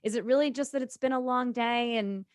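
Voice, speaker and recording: A woman co-hosting a podcast, telling a story in a casual, animated way and laughing often. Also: fairly high pitch, brisk, dry recording, studio quality. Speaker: podcast co-host.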